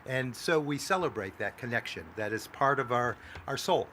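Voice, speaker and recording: Brief: male lawmaker, bright voice, halting podium speech, faint background noise. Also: medium pitch, lively intonation. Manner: halting, many "uh" fillers. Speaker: congressman. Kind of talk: speech at a press event.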